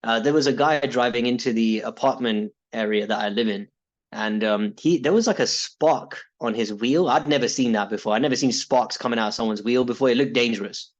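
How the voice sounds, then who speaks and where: A man's voice: medium pitch, brisk, muffled recording. A British man talking casually and reflectively about his coaching, rambling with restarts and laughs. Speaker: coaching client.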